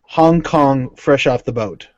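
A man's voice: mid-range voice, takes it slowly, a little mellow, no room sound. A man in casual podcast chat, eager and playful as he suggests things to try. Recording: dry dull lo-fi sound.

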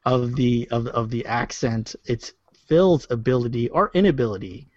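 A man's voice: medium pitch, moderate pace, no echo. A man co-hosting a podcast in casual chat, teasing and laughing often. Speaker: podcast co-host. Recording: dry lo-fi podcast audio.

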